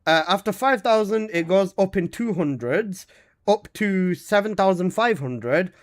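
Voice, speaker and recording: A man's voice: sits high, expressive, measured pace. A young man streaming a game, chatting casually, reading chat aloud and answering with swearing and laughs.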